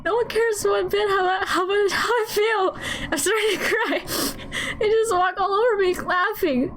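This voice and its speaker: A woman gives voice to a shattered young woman from a game, crying and faltering as she pleads. Her voice sits high and the words come slowly. She stammers as the sobs break through. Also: fairly bright tone, slight background noise, low-quality recording. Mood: sobbing. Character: distraught young woman, broken, desperate.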